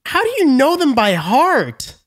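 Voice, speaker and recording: A man co-hosting a podcast in casual chat, his pitch bouncing around as he teases the others crudely. He is recorded close and dry, with no room sound. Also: very animated, unhurried, a bit bright, dry recording. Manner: blunt, joking, crude teasing. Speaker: podcast co-host.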